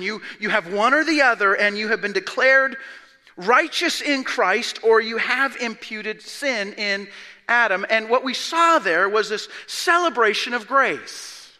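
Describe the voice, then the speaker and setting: A high, very bright male voice preaching in a church sanctuary with a long reverb tail. He moves from emphatic, rising proclamations to quiet, low-pitched asides. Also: measured pace. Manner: emphatic, swings from loud declarations to hushed low asides. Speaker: pastor. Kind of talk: expository sermon.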